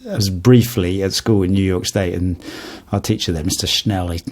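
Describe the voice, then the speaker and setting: A man co-hosting a podcast, telling relaxed stories in casual chat and chuckling often. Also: low-pitched, moderate pace. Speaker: podcast co-host.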